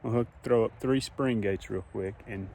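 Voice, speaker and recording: A young man with a fairly low voice talks plainly to his phone camera out in a farm field, thinking aloud as he works. A faint outdoor hum sits behind him. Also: fairly quick, gravelly, a little mellow. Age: young adult. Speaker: farmer filming a farm vlog. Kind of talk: casual talk to camera. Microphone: phone propped up nearby.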